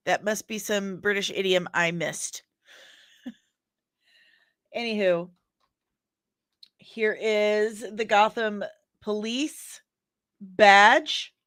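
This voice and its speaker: A woman's voice: mid-range voice, fairly bright tone, no room sound, clean studio sound. A woman hosting a pop culture news show in a casual, chatty way, reading viewer comments aloud and rambling into personal asides.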